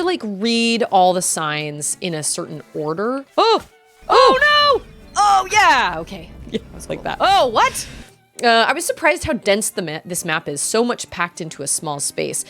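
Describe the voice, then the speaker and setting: A young woman streaming a game, chatting casually with viewers and often laughing and squealing. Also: medium pitch. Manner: chatty, giggly, squeals excitedly at game moments. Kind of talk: casual gameplay chat with viewers.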